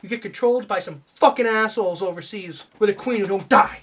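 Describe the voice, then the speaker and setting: A man doing a comedic rant, swearing and shifting from mumbled asides to mock-angry yelling. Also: high-pitched, fairly quick, music in the background.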